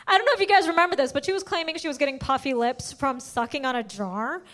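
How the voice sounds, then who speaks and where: A young woman performing a stand-up set, telling stories in an animated way with sudden shouted outbursts. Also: high-pitched, quick pace. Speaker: stand-up comedian.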